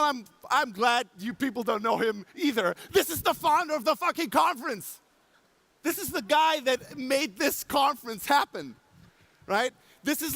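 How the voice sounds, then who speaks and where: A man with a German accent giving an energetic conference talk, acting out quotes and swearing for emphasis. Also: very high voice, no echo. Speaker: conference speaker. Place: conference stage before an audience.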